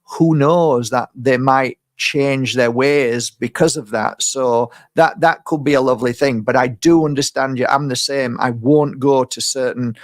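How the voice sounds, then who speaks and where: A man hosting a podcast muses aloud at a middling pitch, rambling and restarting as he thinks. His voice sounds close and dry, with no room echo. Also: fairly even intonation, measured pace, hardly any pauses. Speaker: podcast host. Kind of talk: casual podcast chat.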